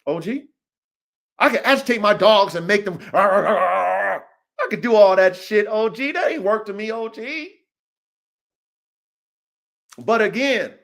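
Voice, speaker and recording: Guy on a dog podcast stream going off, swearing, fairly high voice, drops low then yells. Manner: confrontational, profane, repeats "OG" often; swings between low mutter and raised shouting. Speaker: podcast host and dog breeder. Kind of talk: heated livestream rant. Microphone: livestream mic.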